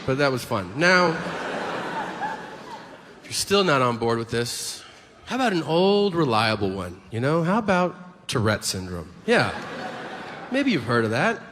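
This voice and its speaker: Animated man doing stand-up in a hall. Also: mid-range voice, moderate pace, pauses often. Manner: animated, crude storytelling with acted-out quotes. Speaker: stand-up comedian. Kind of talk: stand-up routine. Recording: reverberant hall with ambient noise.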